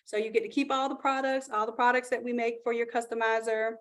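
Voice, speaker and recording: A woman hosting a live online class, chatting and pitching course offers to her viewers in an upbeat, casual way. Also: steady tone, fast, a bit bright. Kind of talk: live-stream sales pitch.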